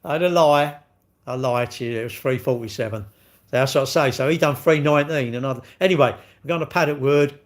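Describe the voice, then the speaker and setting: A man's voice: medium pitch, a little fast. A man, chatting casually on a live stream and telling rambling, sweary stories while answering viewers. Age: 60s.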